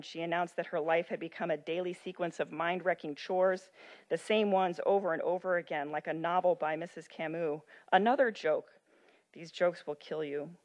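A woman medical ethics lecturer who reads a story aloud with expression and then explains it in loose talk with frequent ums. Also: fairly low pitch. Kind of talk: lecture with a dramatic reading.

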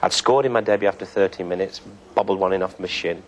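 Older man, former footballer, relaxed anecdote, lowish voice, faint hiss. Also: fast talker, poor audio. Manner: relaxed storytelling with many fillers. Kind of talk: reminiscing interview.

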